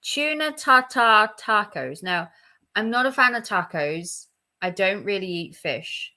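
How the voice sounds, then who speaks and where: A woman's voice: mid-range voice, lively intonation, measured pace, bright, forceful tone. A young woman vlogging casually as she reacts to quiz questions, chatty and opinionated with emphatic reactions. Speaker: YouTuber.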